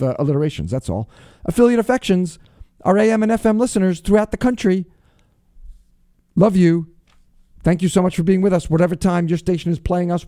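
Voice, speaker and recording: A man hosting a radio show, talking casually and exuberantly, reading out listener shout-outs with playful alliteration. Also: a little high, no echo, clean studio sound.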